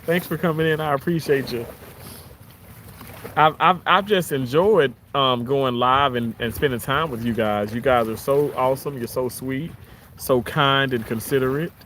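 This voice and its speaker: A man with a Southern American accent, chatting casually on a live stream outdoors by the water, warm and grateful as he reads out viewers' messages. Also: medium pitch, moderate pace, a little hiss or hum. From Southern United States. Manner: warm, grateful, chuckles often. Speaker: live-stream host reading chat.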